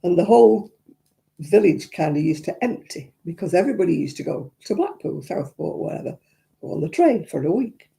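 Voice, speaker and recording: Gravelly older Lancashire woman chatting. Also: fairly low pitch, big pitch swings, fairly quick, warm tone. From Royton, North West England. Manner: chatty, rambling, frequent chuckles. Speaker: crafting livestream host. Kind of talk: casual chat reading viewer comments.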